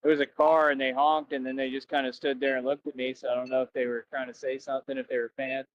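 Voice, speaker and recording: Speaking fast and flat at a medium pitch, this man streams live from near a road on a lo-fi recording. His casual chat with viewers wanders and circles back, peppered with "that's right," while he asks for donations.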